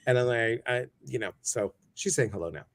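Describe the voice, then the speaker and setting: A chatty, upbeat man hosts a casual livestream show. His voice sits at an ordinary middle pitch, and he runs through friendly greetings to viewers one after another. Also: fairly quick. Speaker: talk show host.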